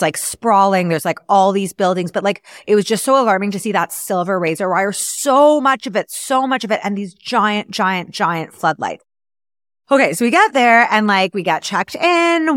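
A young woman in mid range tells a story to her listeners, full of "like" and quick asides. Her voice is close and dry with no room around it. She sounds like a math teacher chatting casually as a podcast host. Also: medium pitch, a bit bright, no echo. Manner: chatty, filler-heavy retelling with "like".

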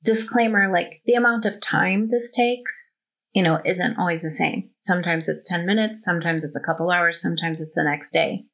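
A woman's voice: fairly low pitch, moderate pace, creaky, a bit bright. A woman guest on a podcast, in her thirties or forties, talking openly and telling stories, with many fillers. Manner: open, storytelling, full of fillers. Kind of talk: casual conversation. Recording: dull lo-fi audio.

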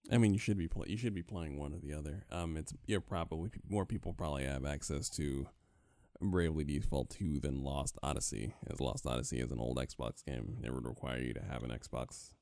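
A man's voice: very deep voice, brisk, a little mellow, no room sound, clean studio sound. A man co-hosting a podcast, chatting casually with wry, blunt remarks. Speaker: podcast co-host. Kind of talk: casual chat.

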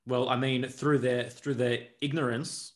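Male podcast co-host, mid-range voice, halting delivery, restarts his sentences. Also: medium pitch, flat delivery. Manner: halting, restarts and repeats words. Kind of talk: podcast interview.

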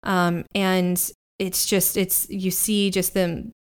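Woman GM, clear smooth voice, steady descriptive narration. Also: fairly low pitch, slow pace. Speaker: game master. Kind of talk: narrating a tabletop game.

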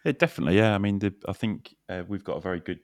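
A man from Lincolnshire hosting a golf podcast, chatting in a jokey, teasing way with quick asides. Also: sits low, lively intonation, dry recording, clean studio sound. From Lincolnshire, England. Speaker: podcast host. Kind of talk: casual podcast chat.

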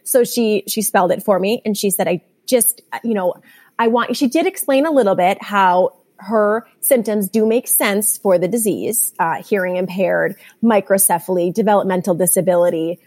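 A woman's voice: medium pitch, moderate pace, darkish tone. A woman in her thirties, a mother and podcast guest, telling her story candidly and animatedly in a casual chat.

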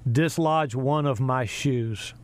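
A man's voice: mid-range voice, slow. A middle-aged American sports broadcaster, a man telling a story in an interview and acting out the people he quotes. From USA. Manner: animated storyteller, acts out quotes.

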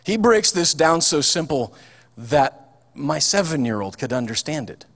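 Man, pastor, folksy sermon, fairly high voice, long church reverb. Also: big pitch swings, a little slow, a bit bright. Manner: folksy, chatty preaching with frequent ums and restarts. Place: church hall.

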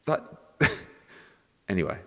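A man, a boxing promoter talking in a casual interview, animated and swearing freely as he rants. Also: very slow. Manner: animated, swearing, ranting with acted-out exchanges. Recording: long reverb.

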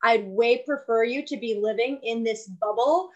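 A woman wellness coach who explains her ideas in an earnest, animated way during a conversation. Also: on the high side, normal speed, muffled recording. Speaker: guest, fitness and wellness coach. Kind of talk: casual conversational interview.

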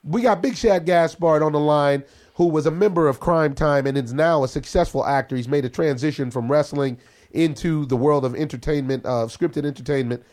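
A man's voice: fairly high pitch, normal speed, darkish tone. A man hosting a casual talk show, hyped and joking in slangy banter with a caller. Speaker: host.

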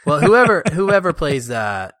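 A man co-hosting a casual movie discussion, animated and laughing often as he acts out quotes. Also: a little high, a little slow, no echo, clean studio sound. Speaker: podcast co-host.

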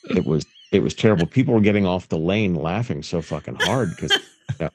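A hoarse, sick-sounding man on a phone call, telling crude rambling stories in casual podcast chat. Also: low-pitched, lively intonation, a little fast, background noise. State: hoarse from illness. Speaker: podcast co-host.

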